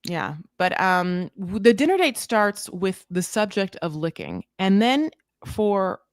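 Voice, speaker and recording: A woman hosting a casual recap chat, animated and mimicking the people she quotes. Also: medium pitch, takes it slowly, no room sound, studio quality. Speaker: host.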